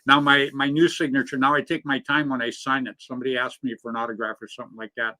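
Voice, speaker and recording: Bright-voiced joking middle-aged man. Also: mid-range voice, level tone, fast. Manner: jokey, laughs easily, rambling. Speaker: co-host of a live paintball show. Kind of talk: casual live-stream banter.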